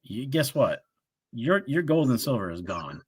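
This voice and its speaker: Lively animated man on a stream. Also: medium pitch, unhurried, slightly rough, no room sound. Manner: animated storyteller, acts out callers' lines. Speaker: co-host of a livestream show. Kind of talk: casual chat.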